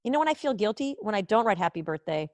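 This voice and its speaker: A woman's voice: fairly high pitch, very fast, darkish tone, no room sound. A woman from Israel hosting a live online comedy show from home over a video call, rambling in a chatty, profane, self-mocking way. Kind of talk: casual rambling stand-up chat.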